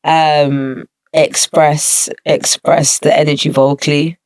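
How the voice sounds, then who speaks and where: A woman guest on a podcast, speaking haltingly with pauses and fillers. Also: sits low, little pitch movement, darkish tone, smooth, no echo. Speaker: podcast guest, healing practitioner. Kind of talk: casual podcast conversation.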